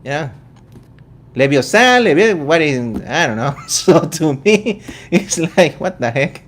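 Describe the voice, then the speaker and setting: A man's voice: fairly high pitch, lively intonation, a bit bright. Venezuelan man, joking commentary. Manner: incredulous, joking, quick asides. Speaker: vegan channel host. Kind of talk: casual commentary.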